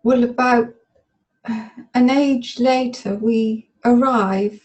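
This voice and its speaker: A woman with a somewhat high, mellow voice, speaking tearfully and very slowly over a webinar call. She is a volunteer in a therapy demonstration, reliving a memory in the present tense. Her phrasing is halting and stop-start, with frequent pauses. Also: fairly even intonation, rough recording. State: tearful, emotional. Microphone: webinar call audio.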